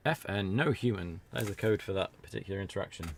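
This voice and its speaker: A British man with a low, gravelly voice talks at a quick pace while playing a video game for a let's play, over a little hiss or hum. His commentary is casual and rambling, chatty, with jokey asides.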